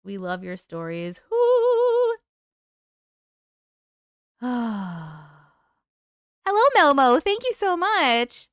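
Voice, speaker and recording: A tired woman hosting a live stream at home, chatting casually and warmly greeting viewers by name as she reads their comments. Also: a little high, wildly swooping pitch, extremely slow, pauses often, clean tone, no echo, clean studio sound. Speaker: host.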